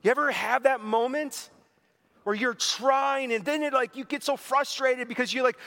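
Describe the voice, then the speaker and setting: A man's voice: very high-pitched, expressive, unhurried, a bit bright. A man preaching a conversational sermon, chatty and full of rhetorical questions and acted-out inner voices. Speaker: pastor.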